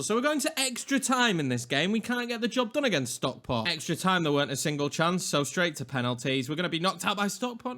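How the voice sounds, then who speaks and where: A young man with a Yorkshire accent giving casual, excitable commentary over a football video game, chatty and quick to swing between hype and grumbling. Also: a little high. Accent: Northern English (Yorkshire). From England. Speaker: gaming YouTuber.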